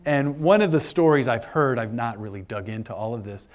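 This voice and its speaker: A man's voice: mid-range voice, animated, a little fast. A man giving an informal philosophy lecture to a class of older adults, chatty and joking with frequent fillers. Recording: lecture room.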